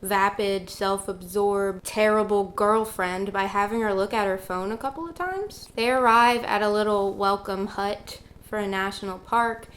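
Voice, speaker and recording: A woman recapping a bad movie in casual vlog style, with sarcastic, deadpan asides. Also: medium pitch, unhurried, hardly any pauses. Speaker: writer reviewing bad movies.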